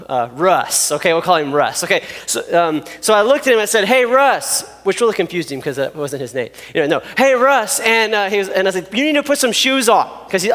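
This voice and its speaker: A young man preaching to youth, telling a story with lots of "like" and "um". His voice sits fairly high. A long reverb trails his words as if in a large hall. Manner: animated, acts out voices, frequent fillers like "like" and "um". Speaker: youth pastor.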